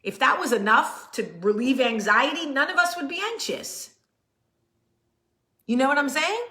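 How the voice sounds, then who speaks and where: Bright-voiced mother telling a story. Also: high-pitched, lively intonation, moderate pace. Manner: earnest, soothing when reassuring. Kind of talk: casual personal storytelling.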